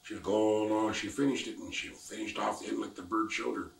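An elderly man from the Lummi Nation telling a traditional story in simple, repetitive, unhurried phrasing. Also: lowish voice, steady tone, vocal fry. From Lummi Nation, Washington, US. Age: older. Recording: echoey room, distant mic.

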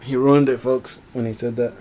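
A man's voice: mid-range voice, little pitch movement, moderate pace, warm tone, a little hiss or hum. A young man co-hosting a gameplay video, teasing his friend bluntly and swearing in casual chat. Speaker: co-host.

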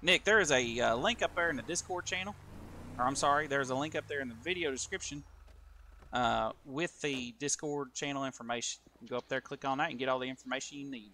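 Folksy man with a bright voice. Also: mid-range voice, brisk. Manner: folksy, drawling, mild exclamations. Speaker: streamer playing a police officer. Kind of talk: in-character role-play with stream chat.

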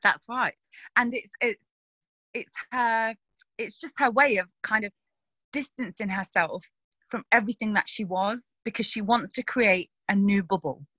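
Woman, mid-pitched, frank and chatty in an interview, laughs a lot; dry, close recording. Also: a little slow, bright, forceful tone, no room sound. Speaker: actress interviewed about her roles. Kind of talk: casual interview chat.

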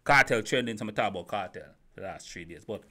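A man's voice: fairly low pitch, lively intonation, quick pace, bright, forceful tone. A man giving an opinion monologue as a YouTube commentator, firing rhetorical questions, repeating himself and stumbling over restarts.

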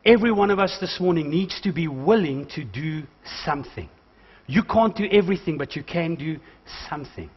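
A man's voice: fairly high pitch, animated, fairly quick, breathy edge. A man preaching a sermon as pastor, emphatic and calling out to his congregation, mixing in jokes. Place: church hall. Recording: dull church recording with long hall reverb.

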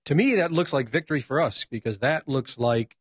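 A man's voice: mid-range voice, expressive, brisk, husky, dry recording. A man speaking as a talk show guest, reflective and hesitant, with many ums and uhs. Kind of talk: casual political talk.

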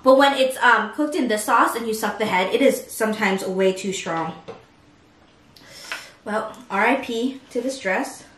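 A woman's voice: on the high side, unhurried, a bit bright, recorded from a distance, slight background noise. A woman hosting a mukbang, chatting casually at home between bites and laughing often. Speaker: mukbang host. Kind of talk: casual chat while eating. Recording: roomy echo from off-mic.

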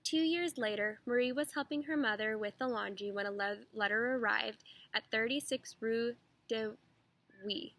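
A woman's voice: on the high side, normal speed, low-quality recording. Woman reading a children's story aloud. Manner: steady, expressive storytelling.

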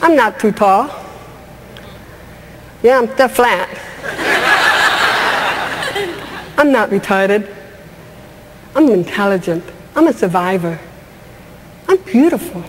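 A woman comedian telling a personal story on stage with an animated, emphatic, punchy delivery. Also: a little high, slow pace, pauses often, crowd noise. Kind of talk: stand-up storytelling testimony. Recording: long hall reverb, faint noise.

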